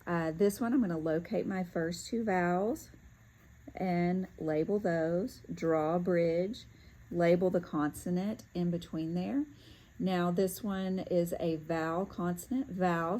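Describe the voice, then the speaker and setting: A woman teaching a lesson, talking through each step calmly as she works, with occasional fillers and self-corrections. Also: lowish voice, rough recording. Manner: talks to herself while working through steps, with fillers. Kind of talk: step-by-step classroom demonstration.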